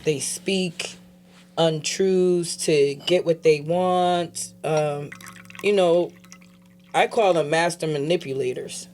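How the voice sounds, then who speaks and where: Animated woman telling her story. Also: slow, slight background noise. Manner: animated, acts out quoted voices; turns quiet and low when serious. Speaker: guest, advocate. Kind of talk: casual storytelling interview.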